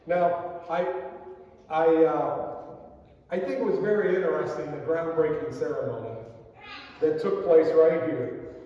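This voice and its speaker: A man's voice: on the high side, unhurried, long pauses, a little hiss or hum. A man preaching a sermon as pastor, earnest, with small slips and asides, recorded from a distance in a church sanctuary. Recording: distant, echoey sanctuary, dull sound.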